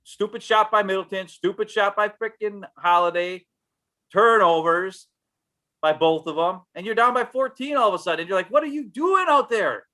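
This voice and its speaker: A man's voice: high-pitched, moderate pace, bright, forceful tone. A man co-hosting a casual sports podcast, telling stories in a frustrated, blunt way. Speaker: podcast co-host.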